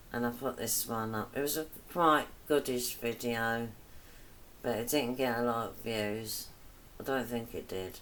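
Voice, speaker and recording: A woman's voice: very deep voice, a bit bright, a little hiss or hum. A woman cooking vlogger chatting casually while she cooks, wandering between topics with self-deprecating asides.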